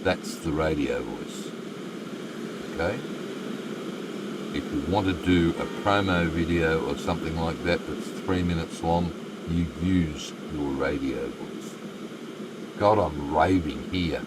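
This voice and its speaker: A man's voice: very deep voice, takes it slowly, long pauses, heavy background noise. A man with an Australian accent chatting casually while live-streaming a game, rambling and self-deprecating.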